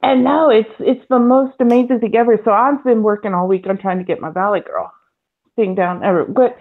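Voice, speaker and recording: A woman's voice: a little high, brisk. A woman co-hosting a casual live-stream chat, asking curious, rambling questions. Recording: tinny phone-like line.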